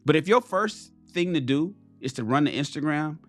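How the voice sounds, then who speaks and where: Dude going off on a live stream, cussing, pitch jumping all over the place, bit of music in the back. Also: male voice, animated, normal speed. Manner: blunt, profane, preachy. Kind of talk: casual live-stream rant.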